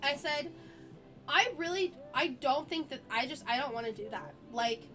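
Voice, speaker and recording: A woman's voice: sits high, normal speed, fairly bright tone, soft background music. A woman streamer, sick with a cough, chatting casually and telling a story in an exasperated way, full of "like" fillers.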